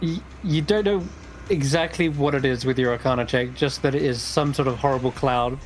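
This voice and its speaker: Male dungeon master, relaxed rambling narration, mid-pitched voice, faint music underneath. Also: fairly quick. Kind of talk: narrating a tabletop game.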